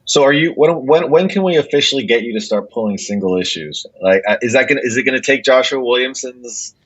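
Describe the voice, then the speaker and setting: A man's voice: medium pitch, animated, quick pace, fairly bright tone, breathy edge. A man co-hosting a casual comics chat, teasing and quizzing the host. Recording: dull lo-fi audio.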